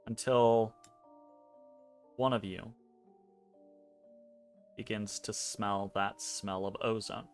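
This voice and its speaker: A man narrating a tabletop game as game master. He speaks in a slow, dreamy way with frequent "um" pauses, over an online voice chat. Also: on the low side, fairly even intonation, soft background music.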